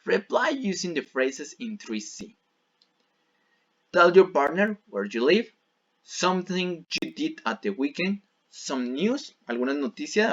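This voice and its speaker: Slow, patient male English teacher. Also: fairly high pitch, muffled recording. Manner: repeats and rephrases each example patiently. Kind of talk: bilingual classroom explanation.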